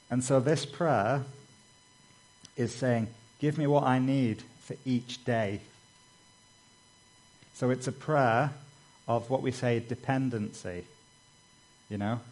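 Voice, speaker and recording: A man's voice: medium pitch, takes it slowly, long pauses, darkish tone, poor audio. A man preaching a sermon in a conversational way, dropping in "you know" asides and acting out stories in a raised voice. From Britain. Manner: acts out quoted dialogue with raised voice.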